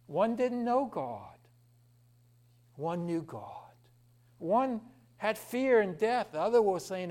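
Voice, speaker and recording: A middle-aged preacher man delivers a sermon in a fairly high voice. He swings from fervent, raised declarations to hushed, near-whispered asides, full of dramatic contrast. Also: expressive, takes it slowly.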